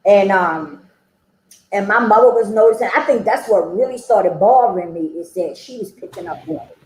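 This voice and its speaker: A woman's voice: mid-range voice, normal speed, a little mellow, echoey room, slight background noise, rough recording. A woman sharing her personal recovery story at a meeting, chatty and conversational, acting out the dialogue she quotes and often checking in with "okay?" and "you know?".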